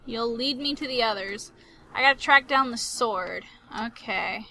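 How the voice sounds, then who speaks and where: High-pitched gamer girl, super bright, playful and excitable, teases the enemies and does silly sound effects. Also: normal speed. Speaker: gaming channel host. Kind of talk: let's play commentary.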